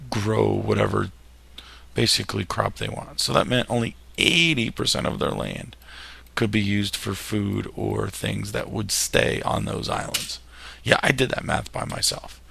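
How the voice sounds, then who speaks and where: A male history teacher talks through his slides in a low, gravelly voice. The tone is husky and rough at the edges, and he keeps dropping in jokey, self-deprecating asides. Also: sing-song, a little slow, sharp tone. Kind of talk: recorded classroom lecture over slides.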